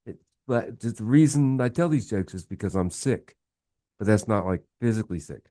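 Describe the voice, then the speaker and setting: A man's voice: lowish voice, expressive, normal speed, mellow, no echo, studio quality. A man on a radio show as a guest beer reviewer, chatting casually and rambling through jokes. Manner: rambling storyteller who acts out the voices in jokes. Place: radio studio. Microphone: studio mic.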